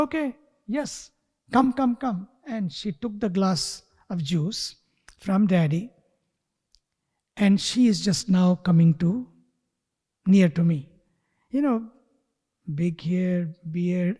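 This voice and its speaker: Spiritual teacher guy telling a story, soft dark tone, drops into whispers. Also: sits high, in a large hall. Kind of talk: sermon with storytelling. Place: retreat hall.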